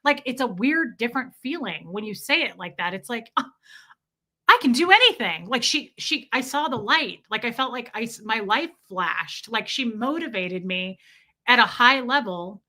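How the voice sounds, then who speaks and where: A woman's voice: a little high, lively intonation, normal speed, bright, forceful tone. A woman hosting a livestream, chatting casually and rambling with self-mocking humor as she reads viewer comments. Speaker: livestream host.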